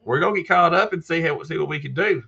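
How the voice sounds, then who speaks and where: Speaking a little high and fast, this man has vocal fry and a bright, forceful, husky tone, captured in dull audio. He hosts a casual live chat, reading out viewer comments and replying to them by name in folksy fashion.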